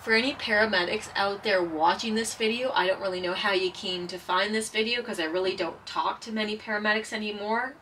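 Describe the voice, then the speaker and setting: A woman and former paramedic talking casually and earnestly while doing a jigsaw puzzle, halting with many fillers and holding back tears. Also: medium pitch, sharp tone, distant mic, a little hiss or hum, poor audio.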